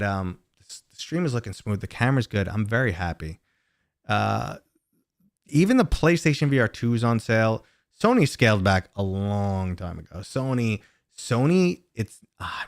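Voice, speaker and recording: Low-voiced chatty man streaming from home. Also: clean tone, no room sound, studio quality. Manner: rambling, chatty, talks to viewers and his dog. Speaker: gaming livestream host. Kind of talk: casual livestream chat.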